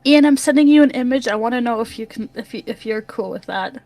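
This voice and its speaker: A woman's voice: on the high side, fast, darkish tone, no room sound. A woman narrating as game master of a tabletop role-playing game, describing scenes in casual talk.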